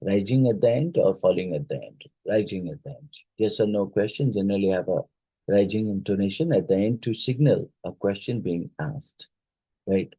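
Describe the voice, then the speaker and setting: A man's voice: fairly low pitch, normal speed, slightly rough, no echo, muffled recording. A male teacher going through exam questions, reading each one aloud and then reasoning out the answer. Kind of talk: exam question review lesson.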